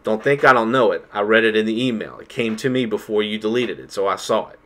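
A man's voice: lowish voice, fast talker, a bit bright. Heated man lecturing his viewers. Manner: emphatic, lecturing, worked up. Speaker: channel host.

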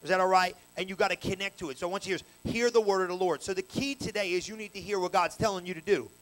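A man preaches at a church service, his voice sitting notably high for a man. He tells stories in loose, slangy talk and builds to loud, energetic bursts. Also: quick pace, low-quality recording. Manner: colloquial, story-telling preaching with slang. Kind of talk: sermon.

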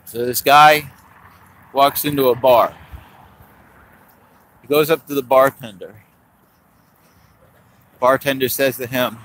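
A man rambling through improvised stand-up jokes and stories in a halting, meandering way. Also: medium pitch, fairly even intonation, a bit bright, slight background noise, low-quality recording.

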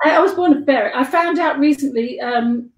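This guest and life model, an older woman with a London accent, speaks in a high, brisk voice. She rambles through anecdotes on a live-streamed video call, chatty and giggly and jumping between tangents, while her voice echoes around the room.

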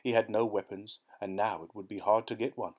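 A man narrates a classic short story for an audiobook with a fairly low voice. He keeps a steady, measured storytelling pace through the action. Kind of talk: scripted narration.

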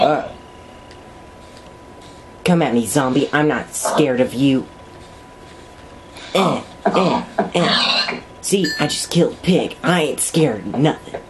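A let's play gamer and vlogger in casual gameplay commentary, giggly, rambling and apologetic, with sudden high yelps. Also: slow pace, long pauses, very noisy.

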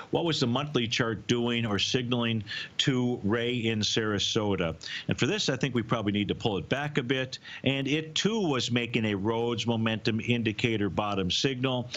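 A man's voice: mid-range voice, moderate pace, fairly bright tone, lo-fi sound. A man hosting a live market analysis show, answering viewer questions and explaining charts step by step.

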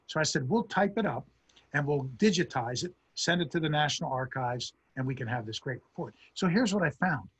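Husky-voiced man telling history anecdotes. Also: a little high, a little fast. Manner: lively storyteller, acts out quotes in a raised voice. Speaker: historian giving a public lecture. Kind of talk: anecdotal storytelling lecture.

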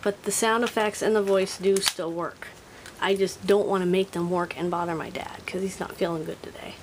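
A woman's voice: on the low side, steady tone, moderate pace. A woman chatting casually and nostalgically while showing off her old toy collection at home. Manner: chatty and nostalgic, thinking aloud. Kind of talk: casual show-and-tell. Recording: noisy home recording.

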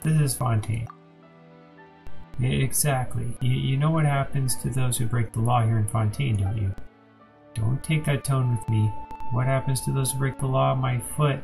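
A man with a gravelly, fry-edged voice at a mid pitch reads out a game's cutscene dialogue on a live stream, voicing every character himself with little slips and restarts. Faint game music sits quietly under his voice from a home desk mic. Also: low-quality recording.

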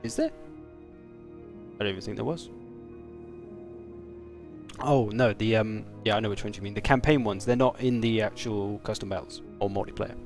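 A man's voice: lowish voice, moderate pace, long pauses, a little mellow, faint music behind. A man casually commenting on his game stream, chatting and swearing while answering viewers.

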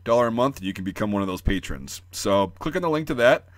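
A young American man talks casually with a lowish voice, rambling on and freely sharing his opinions. The sound is dry and close, with no room echo. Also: lively intonation, quick pace. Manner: rambling, filler-heavy, opinionated. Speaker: militaria channel host. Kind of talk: casual explainer talk.

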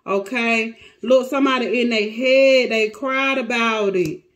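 A woman with a fairly high voice reads tarot for her viewers at a measured pace. The session is casual but emotional, and she is close to crying. She speaks dramatically, addressing the cards as well as the people watching.

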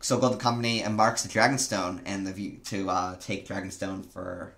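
A man's voice: deep voice, little pitch movement, moderate pace, vocal fry, a bit bright. A young man co-hosting a casual chat, rambling and full of "like" and "um". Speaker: co-host.

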